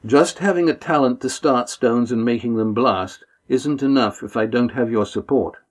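Man doing a young sea captain, firm, formal, husky, audiobook. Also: medium pitch, normal speed, natural voice. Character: young male ship's captain, resolute.

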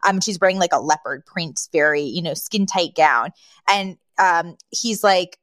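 Woman host, casual recap chat, lively and laughing, dry close sound. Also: fairly low pitch, measured pace, no echo. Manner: animated, laughs often, acts out quotes. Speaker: podcast host.

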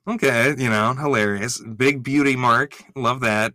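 Excitable man with a bright voice. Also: medium pitch, normal speed, hardly any pauses, no echo, clean studio sound. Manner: excitable, gushing, swears freely. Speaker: commentator. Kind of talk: reaction commentary.

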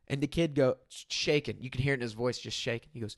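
A man casually telling a story on a podcast, acting out what people said in a blunt, animated way. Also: medium pitch, a little fast, no room sound, clean studio sound. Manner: animated, acts out quotes, blunt and forceful.

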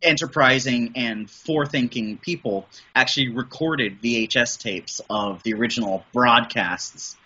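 A man's voice: mid-range voice, unhurried, hardly any pauses, bright, forceful tone, slightly rough, highs cut off. A middle-aged man from the Midwest, chatting casually as a podcast guest, rambling enthusiastically with frequent restarts. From American Midwest. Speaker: podcast guest, voice and audio producer. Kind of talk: casual interview chat.

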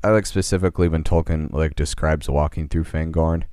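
A man's voice: very deep voice, steady tone, fairly quick, warm tone, clear, resonant tone, no echo, studio quality. A young man co-hosting a podcast in casual chat, rambling and laughing as he talks. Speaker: podcast co-host.

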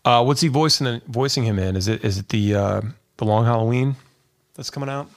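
A man's voice: medium pitch, brisk. A man hosting his podcast stream in a laid-back, rambling chat, dropping fillers and calling listeners "dude". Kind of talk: casual live-stream chat.

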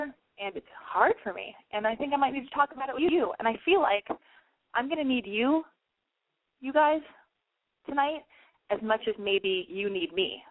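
A woman's voice: medium pitch, phone-quality sound. A woman hosting a call-in podcast from her apartment, talking in a frantic, self-mocking way and swearing freely. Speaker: podcast host taking calls. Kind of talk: casual call-in podcast chat.

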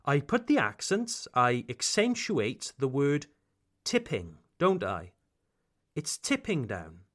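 A British man hosting a language lesson podcast, speaking slowly and emphatically like a teacher and drawing out example phrases. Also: fairly high pitch, a bit bright. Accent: British English. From Britain. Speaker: English teacher, podcast host.

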